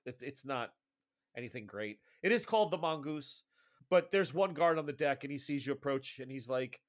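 A man's voice: mid-range voice, lively intonation, normal speed. A man narrating as game master in a tabletop role-playing game.

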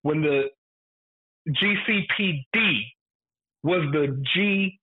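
A high-voiced man holding forth in a casual film chat, hammering his points home by repeating them and swearing freely. His voice comes through thin and tinny, like a phone line. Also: very slow, slightly rough.

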